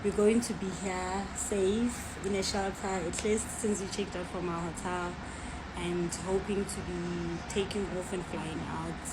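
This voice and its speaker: A woman speaks very slowly in a relieved and grateful tone. She is recorded on a phone, with clear background noise behind her. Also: on the low side, fairly even intonation. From South Africa. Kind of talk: casual vlog.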